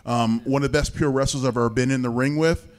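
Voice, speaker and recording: A man's voice: medium pitch, fast talker. A man on a convention panel telling a story, acting out what others said. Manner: animated anecdote teller, acts out quotes. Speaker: panel guest, retired wrestler.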